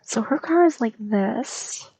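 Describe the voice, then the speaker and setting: A woman's voice: a little high, lively intonation, slow pace, mellow, slightly rough, poor audio. A woman streamer chatting in a casual, rambling, gossipy way and spilling a story, recorded on a desk microphone. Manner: rambling, gossipy, lots of fillers.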